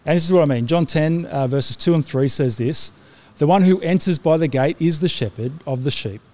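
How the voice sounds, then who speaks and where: A man's voice: a little high, fairly quick, darkish tone. A middle-aged man delivers a sermon in a slightly raised speaking voice. He is earnest and conversational, circling back and restarting phrases with small fillers. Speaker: pastor.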